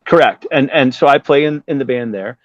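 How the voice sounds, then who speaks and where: Speaking briskly, a man in his fifties, a musician appearing as a guest in a relaxed interview, recounts a story full of frequent swearing. He performs other people's lines with large leaps in pitch, and the recording sounds dry, dull and low-fidelity.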